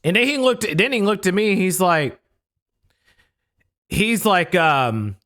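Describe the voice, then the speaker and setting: A young man with a high, bright voice that swoops up and down as he tells a story. He talks casually and emphatically, swears freely, and often says things twice. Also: sing-song, slow. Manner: emphatic, profane, repeats himself. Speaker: storytelling YouTuber.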